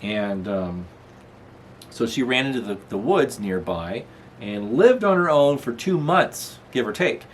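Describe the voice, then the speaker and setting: Chatty, animated middle-aged man. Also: mid-range voice, measured pace, slight background noise. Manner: rambling, chuckling, talks baby-talk to his dog. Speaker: channel host. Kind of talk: casual vlog chat. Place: apartment room.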